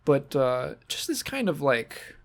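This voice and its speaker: A man's voice: on the high side, sing-song. Choked-up man rambling on a podcast. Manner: halting, sentimental, restarts often; choked up, fighting back tears. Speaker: podcast host. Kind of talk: casual podcast monologue.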